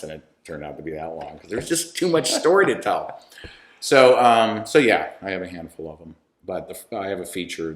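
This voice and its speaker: Very deep-voiced man talking loosely. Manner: rambling, with many restarts and laughs. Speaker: interview guest, filmmaker and musician. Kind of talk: casual interview talk. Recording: roomy echo.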